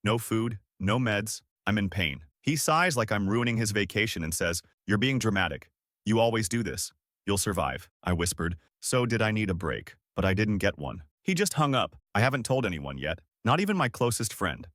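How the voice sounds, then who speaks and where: A man's voice: on the low side, expressive, moderate pace, few pauses, fairly bright tone, dry recording, clean studio sound. A man in his thirties narrating a first-person story from a script, in a wry, sarcastic way.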